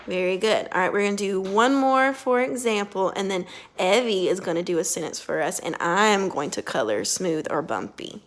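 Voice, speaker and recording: A woman speech therapist guiding a child through a lesson, speaking slowly and deliberately and praising gently. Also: medium pitch, lively intonation.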